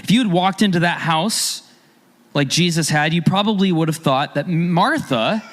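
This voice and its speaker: A man's voice: a little high, normal speed, fairly bright tone. A man preaching a sermon as a pastor, talking in a conversational way and asking his listeners rhetorical questions.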